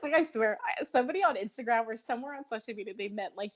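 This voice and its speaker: Woman co-host with a head cold, a bit high-pitched, animated and chatty, laughs a lot. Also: fast talker. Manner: animated, laughs often, talks herself in circles. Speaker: podcast co-host. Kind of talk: casual chat.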